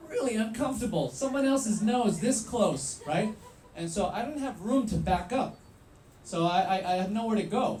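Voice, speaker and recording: A man telling a true story live, in an animated, wry way with pauses for effect. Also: sits high, echoey room, a little hiss or hum.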